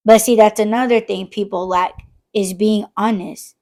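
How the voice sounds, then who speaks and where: A woman with a medium-pitched voice talks at a moderate pace as she hosts a casual late-night podcast chat. She swears freely and stays animated, acting out the other side of the conversations she quotes.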